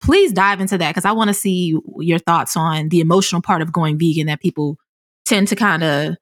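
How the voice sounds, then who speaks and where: A woman hosts a casual conversation and warmly encourages her guest to keep talking. Her voice is on the low side. It is recorded close and dry, with no room sound. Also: a little fast, dry recording. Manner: encouraging, affirming. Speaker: host. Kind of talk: casual chat.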